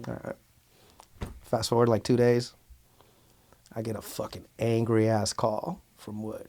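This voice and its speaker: Bay Area man, podcast guest, blunt storyteller who swears a lot and fills pauses with "um". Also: mid-range voice, steady tone, creaky, darkish tone. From Antioch, California. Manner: outspoken, blunt, swears freely, many fillers. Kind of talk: casual storytelling interview.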